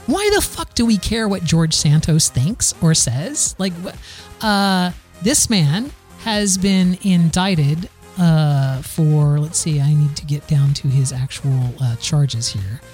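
A man's voice: on the high side, expressive, slow, darkish tone, faint music behind. Rambling sarcastic male podcast host. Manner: rambling, sarcastic, many fillers and restarts. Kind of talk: casual news commentary.

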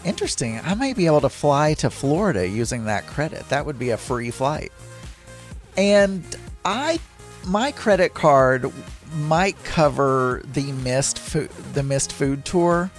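A man talks through his day on his own podcast, loose and rambling, and he laughs easily. His voice sits a little high for a man. Soft music plays faintly behind him. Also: big pitch swings, a little slow. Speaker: podcast host. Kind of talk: casual solo podcast monologue. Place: home.

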